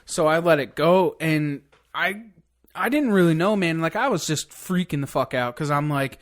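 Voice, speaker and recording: A man telling a long hunting story in casual podcast chat, excited and cursing freely. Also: fairly high pitch, normal speed. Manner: excited, swears a lot, rambling hunting story. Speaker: podcast guest.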